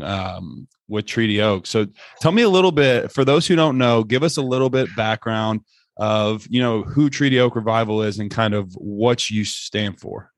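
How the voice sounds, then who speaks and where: A man hosting a casual interview, easygoing and quick to agree and laugh. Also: lowish voice, no room sound, clean studio sound. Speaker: podcast host.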